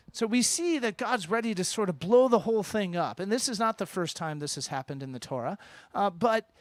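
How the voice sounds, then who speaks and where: A man teaching a congregation in a synagogue, lively and informal, with joking asides and questions to the room. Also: high voice, no room sound, studio quality. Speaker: rabbi teaching at a Shabbat service. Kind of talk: interactive sermon with congregation. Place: synagogue sanctuary.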